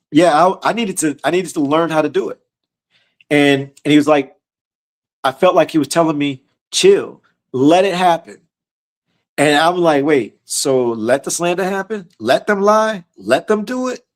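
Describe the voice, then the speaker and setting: A man teaching scripture in a casual, slangy sermon style, often repeating and restarting his words. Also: mid-range voice. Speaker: teacher leading a scripture study.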